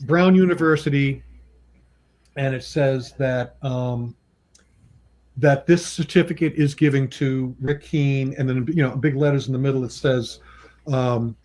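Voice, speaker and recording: A man of average pitch telling casual stories as a guest on a chat show about his own comic work. He laughs often and slips into lively voices when quoting others, with frequent ums and restarts. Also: a little slow. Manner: chatty, acts out quoted people with pitch jumps; laughs often between remarks. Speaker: comic book writer and artist, guest. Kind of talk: casual anecdotal storytelling.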